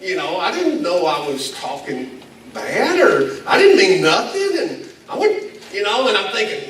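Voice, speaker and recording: A man's voice: high-pitched, sing-song, measured pace, fairly bright tone. A male pastor, preaching a folksy, self-deprecating sermon and chuckling now and then. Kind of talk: conversational sermon. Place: church meeting in a school building. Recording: echoey hall, distant mic, faint noise.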